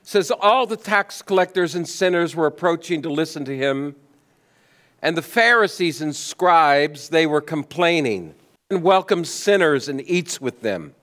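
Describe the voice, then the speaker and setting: Here a man serving as pastor gives a sermon in an animated yet unhurried way. He raises rhetorical questions, letting his voice rise to strong emphasis and fall to quiet stress.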